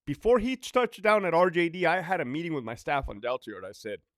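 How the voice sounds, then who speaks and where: Blunt, profane man ranting, lively pitch. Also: fairly quick, no echo, clean studio sound. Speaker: former prison officer. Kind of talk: casual storytime monologue.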